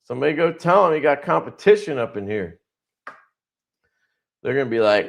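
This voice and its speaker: A man chatting loosely on his own livestream, drifting from one thought to the next. He swears freely and laughs often. His voice sits in an ordinary middle pitch. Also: animated, moderate pace, vocal fry, long pauses. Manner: rambling, profane, laughs often. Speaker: livestream host. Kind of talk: casual livestream chat.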